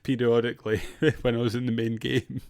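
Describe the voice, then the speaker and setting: A man's voice: mid-range voice, little pitch movement, fairly quick, vocal fry, darkish tone, clear, resonant tone, dry recording, clean studio sound. A man co-hosting a podcast in casual chat, hesitant, with frequent restarts and laughter. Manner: hesitant, restarts often, laughs between remarks. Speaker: podcast co-host.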